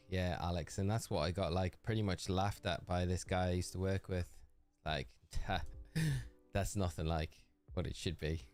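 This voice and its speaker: A livestreamer from the north-east of England chats easily with his viewers in a lowish voice, his northeastern English accent plain throughout. He laughs often and answers people by name, and faint music plays softly behind him. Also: clear, resonant tone. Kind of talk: casual livestream chat while gaming.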